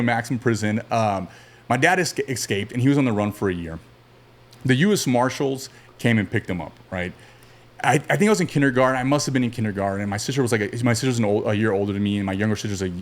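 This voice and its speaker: A man guest on a podcast, telling stories from his childhood in a relaxed, rambling way, with many fillers and restarts. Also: mid-range voice. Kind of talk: casual storytelling interview.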